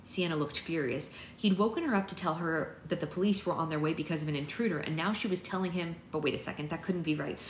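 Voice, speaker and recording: A woman's voice: sits low, fast, few pauses. A woman hosting a book club, reading a novel aloud with chatty asides to her listeners. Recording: echoey room with faint noise.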